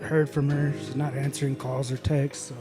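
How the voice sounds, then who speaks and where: A man at a recovery meeting asking for prayer in a subdued, halting way. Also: medium pitch, level tone, over music. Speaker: meeting attendee.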